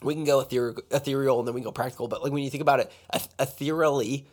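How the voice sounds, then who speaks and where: Guy on a talk show, animated and jokey, gets fast when excited, mid voice. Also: medium pitch. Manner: laughs and jokes. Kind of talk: casual conversation.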